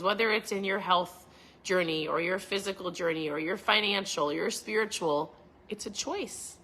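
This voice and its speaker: A woman's voice: medium pitch, normal speed. A middle-aged woman hosting a motivational podcast, talking casually to her viewers and acting out her own past conversations. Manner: animated, acts out her own past dialogue. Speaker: podcast host.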